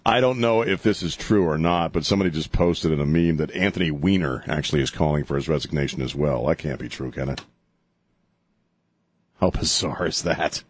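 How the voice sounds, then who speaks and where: A man's voice: deep voice, breathy edge, no room sound. A middle-aged man hosting a talk radio show, rambling and joking in casual banter from a studio mic. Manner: rambling, jokey, animated, lots of laughs and filler. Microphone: studio microphone.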